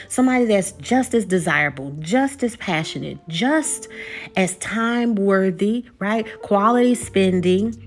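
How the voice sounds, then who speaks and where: A woman's voice: fairly low pitch, a little mellow. A young woman giving a casual, conversational recap and review of a TV episode. She repeats words and keeps checking in with her listeners.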